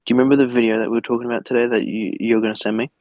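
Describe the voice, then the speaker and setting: A young man co-hosting a casual podcast, teasing his friend in a quick, chatty way. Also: mid-range voice, level tone, a little mellow, no room sound, poor audio. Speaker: podcast co-host. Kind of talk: casual chat.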